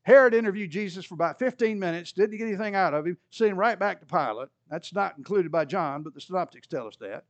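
High-voiced male preacher telling a story. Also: expressive, fast, few pauses, no echo. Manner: storytelling preacher, acts out quoted voices with rising pitch. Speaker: pastor. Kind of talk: sermon.

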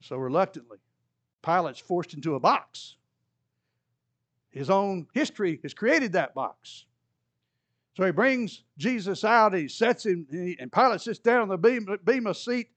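This man speaks with lively intonation at a slightly slow pace. He teaches a Bible study lesson conversationally, sometimes acting out the story's voices by raising his pitch for quoted lines.

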